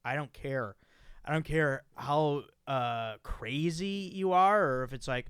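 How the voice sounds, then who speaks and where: A man hosting a podcast, telling a story in a profane, animated way with many restarts. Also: a little high, slow pace, clear, resonant tone, no echo, studio quality. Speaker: podcast host. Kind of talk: casual chat.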